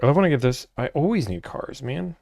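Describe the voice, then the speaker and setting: A man's voice: medium pitch, lively intonation, fairly quick, gravelly, a little mellow, no room sound, studio quality. Laid-back man chatting to a livestream. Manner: laid-back, chatty, answers chat questions. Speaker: livestream host answering chat. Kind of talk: casual livestream chat.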